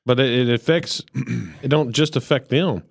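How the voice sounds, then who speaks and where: A man's voice: medium pitch, unhurried, creaky, no room sound, studio quality. A man co-hosting a podcast, easygoing and agreeable in casual chat. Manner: easygoing, agreeable, frequent backchannels. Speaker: podcast co-host.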